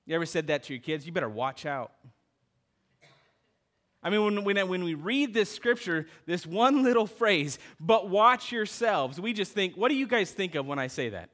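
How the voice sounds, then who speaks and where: A man's voice: high voice, moderate pace. A middle-aged man preaching a sermon, talking to the congregation, asking them questions and telling stories. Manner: animated preaching with audience call-outs and storytelling. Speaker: pastor.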